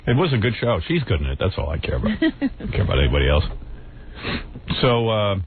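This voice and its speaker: A man's voice: lowish voice, huge pitch swings, quick pace. A man hosting a radio show, talking in a casual, sarcastic, mocking way. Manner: sarcastic, mocking, laughs often. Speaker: radio host. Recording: tinny phone-like broadcast.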